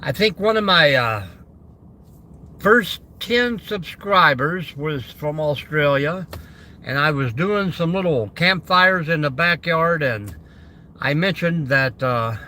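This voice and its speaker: A man's voice: a little high, animated, takes it slowly, bright, forceful tone, slight background noise. A man hosting a casual livestream about camping, rambling along and greeting viewers by name. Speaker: camping channel host.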